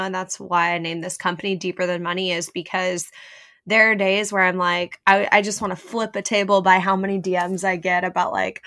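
A woman hosting a podcast in casual chat, animated and openly emotional. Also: lowish voice, moderate pace. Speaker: podcast host.

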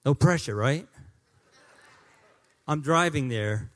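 Animated, joking male pastor preaching. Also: fairly high pitch, moderate pace. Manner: joking, animated, swings from loud to hushed. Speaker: guest pastor. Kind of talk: sermon. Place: church sanctuary.

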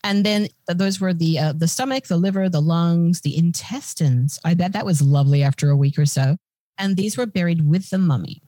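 Woman, lowish voice, mellow tone, casual irreverent podcast chat. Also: brisk, no echo. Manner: chatty, irreverent, joking explainer. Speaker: podcast co-host.

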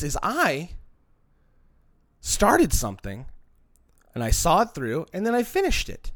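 Animated, profane man ranting to camera. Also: mid-range voice, normal speed, long pauses, dry recording, studio quality. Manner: profane, rambling, animated with mocking quoted voices. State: shaky voice. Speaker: comedian self-producing a video. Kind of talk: casual vlog monologue. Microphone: phone used as camera.

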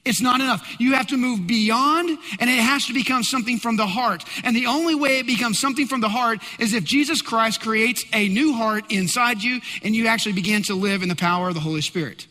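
A male pastor preaching a sermon, swinging between loud emphatic bursts and hushed asides. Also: very high-pitched, brisk, few pauses, big-room sound.

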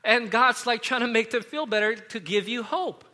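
Preacher, male, high voice, loose conversational sermon full of "uh"s and restarts. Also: normal speed, sharp tone. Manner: casual, rambling, frequent fillers and self-corrections.

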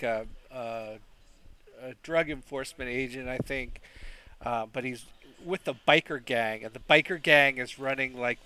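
Slow, bright-voiced man recapping a movie. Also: mid-range voice, clean tone. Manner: slow, rambling, many restarts. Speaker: podcast co-host.

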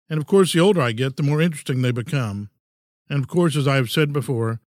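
A podcast host in his sixties gives an earnest, measured, folksy reflective monologue. His medium-pitched voice is recorded at studio quality with no echo.

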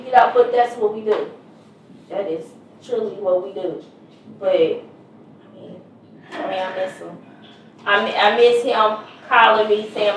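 A woman's voice: mid-range voice, fairly even intonation, unhurried, pauses often, a little hiss or hum. A middle-aged woman, a mother, giving earnest personal testimony in a conversational storytelling way. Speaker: mother of a murder victim. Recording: very echoey room, distant mic, faint ambience.

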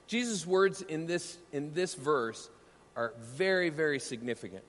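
A man delivers a sermon in a notably high voice, teaching earnestly and slowing on the lines he wants to land. His words ring out with a long reverb tail, as if spoken in a large hall. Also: expressive, fairly bright tone. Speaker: pastor.

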